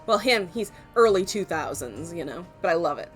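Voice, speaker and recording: A woman's voice: on the low side, expressive, normal speed, hardly any pauses, faint music behind. A woman streaming a video game, chatting playfully and joking about the characters. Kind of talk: casual gaming commentary.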